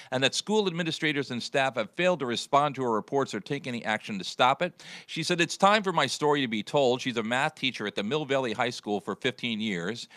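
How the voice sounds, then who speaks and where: A man's voice: medium pitch, a bit bright, dry recording. A man hosting a morning radio show, chatting and joking with his crew, laughing often. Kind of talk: casual talk radio banter.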